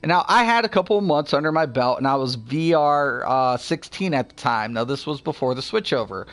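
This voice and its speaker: A man's voice: mid-range voice, lively intonation, fairly quick, fairly bright tone. A young man chatting casually while streaming a game, rambling and profane, with laughs between his thoughts. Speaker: gaming streamer. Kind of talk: casual live-stream chat.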